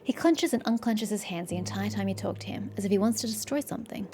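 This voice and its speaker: A woman plays through a story-driven game and reads its narration aloud. Her delivery is plain and even, at an ordinary pitch, with soft game music under it. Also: fast, few pauses. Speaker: game streamer. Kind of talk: reading game text aloud.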